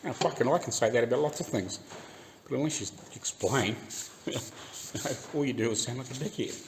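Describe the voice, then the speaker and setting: A man's voice: mid-range voice, normal speed, vocal fry, noisy background. A man with a New Zealand accent ranting casually in his garage workshop, swearing freely and laughing often. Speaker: car restoration YouTuber. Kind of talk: casual rant while working in garage.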